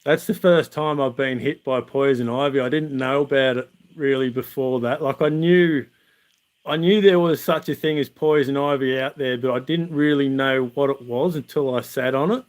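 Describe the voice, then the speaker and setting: A man's voice: mid-range voice, normal speed. An Australian man, the channel host, chatting on a livestream from outdoors at night and laughing through funny camp stories. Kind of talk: casual livestream storytelling.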